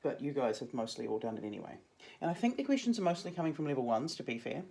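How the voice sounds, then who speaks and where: A woman's voice: extremely low pitch, sing-song, quick pace, gravelly, warm tone. Chatty New woman teaching drama. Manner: chatty, jokey asides. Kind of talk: casual video lesson to students.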